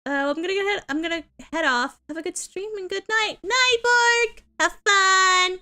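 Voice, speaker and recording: A woman's voice: very high-pitched, normal speed, bright, forceful tone. A woman streaming as a VTuber, chatting casually and giggling, with playful whiny complaints. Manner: giggly, rambling, playful whining. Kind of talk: casual live-stream chat.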